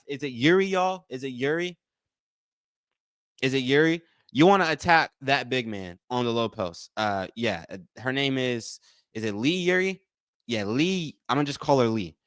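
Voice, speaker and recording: A man's voice: mid-range voice, a bit bright, no room sound, clean studio sound. A man hosting a live watch-along, giving casual play-by-play and chatting with viewers, often repeating himself and calling them y'all. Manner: repetitive, addresses chat as y'all, thanks donors. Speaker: livestream host.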